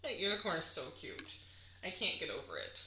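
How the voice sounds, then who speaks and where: A woman's voice: on the low side, wildly swooping pitch, a little fast, echoey room, noisy background. A woman chatting casually to camera on her crafting vlog, gushing and chatty with lots of fillers. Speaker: crafting vlogger.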